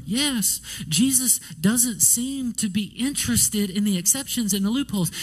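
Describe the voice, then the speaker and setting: Higher-voiced male pastor preaching. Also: breathy edge. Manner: storytelling preacher, rhetorical questions, whispers quoted lines. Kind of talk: sermon. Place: church sanctuary.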